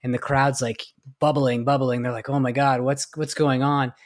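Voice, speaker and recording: A man's voice: mid-range voice, little pitch movement, normal speed. A man co-hosting a podcast, recounting things in a rambling casual way with lots of "like" and "you know". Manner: rambling, many fillers and restarts while recounting. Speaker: podcast co-host. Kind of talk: casual chat.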